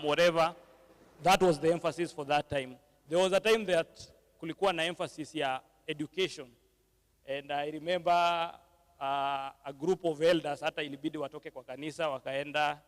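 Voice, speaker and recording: A man's voice: a little high, fairly even intonation, normal speed, smooth, long reverb tail. A man moderating a church panel discussion, switching between English and Swahili, with frequent fillers and tag questions.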